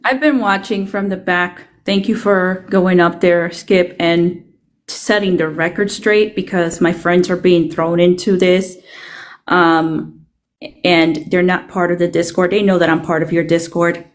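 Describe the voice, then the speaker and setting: A woman's voice: fairly low pitch, steady tone, measured pace. A woman speaking as a livestream guest, blunt and defensive with many ums. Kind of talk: casual chat.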